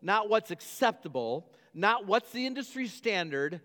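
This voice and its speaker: A man's voice: sits high, very animated, a little slow, a bit bright. A man preaching a sermon as pastor, emphatic and repetitive, often restarting his phrases. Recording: long hall reverb.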